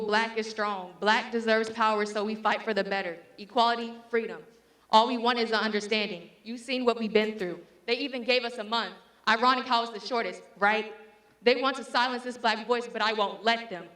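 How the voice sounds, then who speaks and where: A woman's voice: high voice, pushed and bright, roomy sound. A woman performing a spoken word poem with a rhythmic, impassioned and defiant delivery. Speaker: student poet.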